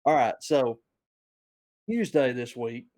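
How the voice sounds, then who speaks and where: Man, casual podcast storyteller, rambling, chuckles, mid-pitched. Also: takes it slowly. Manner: rambling, chuckling, animated when quoting others. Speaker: podcast co-host telling a story.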